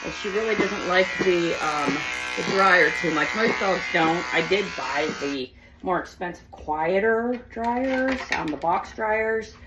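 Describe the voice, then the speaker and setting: A woman's voice: on the low side, animated, measured pace, loud music behind the voice, poor audio. A woman who grooms dogs, chatting casually through a grooming vlog and slipping into baby talk with the dog. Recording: clipper buzz behind the voice. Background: electric clippers buzzing.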